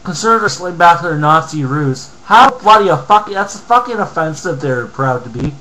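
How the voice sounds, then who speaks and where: A man's voice: a little high, expressive, normal speed, bright, forceful tone, rough recording. A man from Canada ranting angrily on a home vlog, reading comments aloud with lots of profanity and mumbled asides. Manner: angry, profane, heated rant with mumbled asides. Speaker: vlogger.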